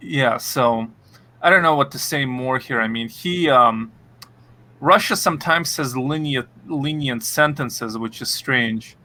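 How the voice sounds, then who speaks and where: A man's voice: medium pitch, slow, pushed and bright. A man co-hosting a podcast, chatting casually with many fillers and restarts. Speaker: podcast co-host. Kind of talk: casual chat.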